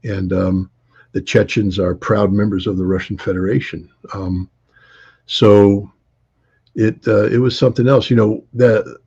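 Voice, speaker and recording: Husky man telling rambling stories. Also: lowish voice, steady tone, a little slow, darkish tone. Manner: rambling anecdotes with many fillers and restarts. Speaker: interview guest. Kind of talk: conversational storytelling. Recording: dull lo-fi audio.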